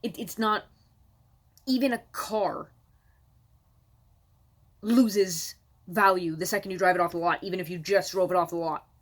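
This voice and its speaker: A woman's voice: on the low side, measured pace, long pauses. A woman comedian from Canada delivering an exasperated, sarcastic stand-up rant at home, swearing freely.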